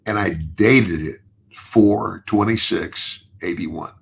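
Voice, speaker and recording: This older podcast guest takes his time, his fairly low voice carrying vocal fry as he tells a long, casual story. He chuckles throughout, restarting phrases and repeating words often.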